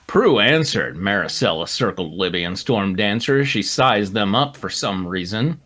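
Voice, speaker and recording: Man, host, playful fan-fiction narration, lively pitch. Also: moderate pace. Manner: playful, laughs between lines. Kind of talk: reading fan fiction aloud with banter.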